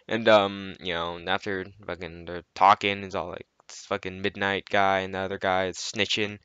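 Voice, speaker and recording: Sweary, bright-voiced man narrating gameplay. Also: deep voice, level tone, normal speed, few pauses, clear, resonant tone, no echo, highs cut off. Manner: rambling, heavy swearing. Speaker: gameplay commentator. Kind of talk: casual narration over gameplay footage.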